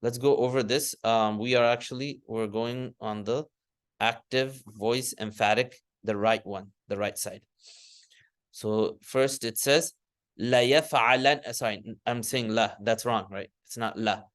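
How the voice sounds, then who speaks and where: A man's voice: fairly low pitch, steady tone, a little slow. Man teaching a class, correcting himself. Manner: explains step by step, corrects himself often, chants word forms for the class to repeat. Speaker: Arabic grammar teacher. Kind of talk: classroom lesson.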